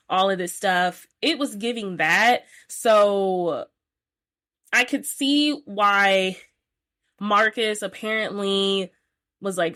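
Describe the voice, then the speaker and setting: A woman's voice: medium pitch, measured pace. Chatty woman recapping reality TV. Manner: chatty, animated retelling with quoted voices. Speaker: podcast host. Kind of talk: casual recap chat.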